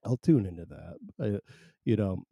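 A man's voice: lowish voice, lively intonation, moderate pace, gravelly, warm tone, dry recording, clean studio sound. A middle-aged man hosting his own podcast in loose, rambling, self-amused casual chat. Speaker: podcast host. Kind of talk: casual solo podcast chat, reading listener chat.

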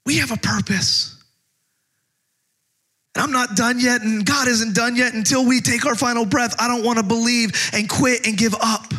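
A man's voice: very high voice, steady tone, a little fast, few pauses, sharp tone. A middle-aged man preaching as a pastor, passionate and conversational, often restarting his phrases. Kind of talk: sermon.

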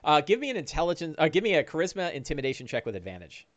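A man's voice: a little high, very fast, no room sound, muffled recording. A man running a one-on-one tabletop game as dungeon master, narrating animatedly with many "uh"s. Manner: animated, lots of uh fillers.

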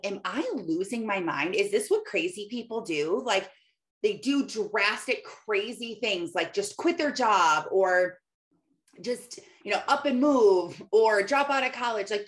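A young adult woman hosting a live faith-based morning podcast, chatting eagerly with lots of filler words. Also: mid-range voice. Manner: enthusiastic, chatty, full of "like" fillers. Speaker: podcast host.

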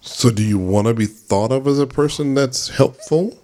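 A man's voice: medium pitch, normal speed, a little mellow. A man hosting a family conversation, telling a story and acting out the voices of the people he quotes. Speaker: host.

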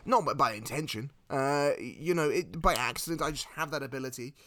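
A man co-hosting a podcast, telling a rambling comedic story in an animated, jokey way. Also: mid-range voice, brisk, no echo. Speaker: podcast co-host.

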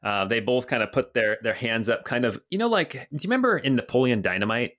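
A man's voice: mid-range voice, animated, fast talker, a bit bright. A man running a tabletop game as game master, narrating loosely with many fillers.

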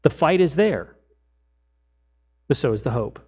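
A middle-aged man preaching as a pastor, telling everyday stories in a lively way and acting out his own lines. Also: fairly high pitch, a little slow, slightly rough. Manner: animated storytelling, acts out his own lines loudly. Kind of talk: sermon with personal stories.

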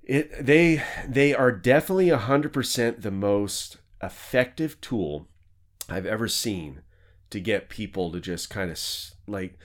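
Guy hosting a podcast, kinda low voice, rambles and laughs through his stories. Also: unhurried. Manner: rambling, self-correcting storyteller; animated, laughs while telling stories. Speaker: podcast host. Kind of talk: casual interview storytelling.

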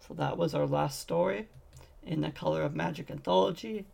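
A man reading a fantasy story aloud as narrator, at a steady pace with occasional slips. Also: a little high, a little fast, gravelly. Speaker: audiobook reader.

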